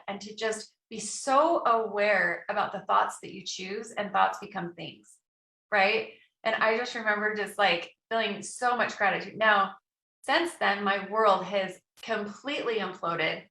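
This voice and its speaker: Middle-aged woman, guest storyteller, animated, echoey room sound. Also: medium pitch. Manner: animated, quotes her own thoughts aloud. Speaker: guest entrepreneur. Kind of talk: personal storytelling in an interview.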